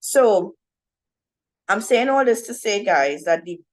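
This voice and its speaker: A woman's voice: medium pitch, animated, slow, poor audio. A woman giving an informal Bible teaching talk to women, keeps asking "right?" as she goes. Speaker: women's ministry speaker.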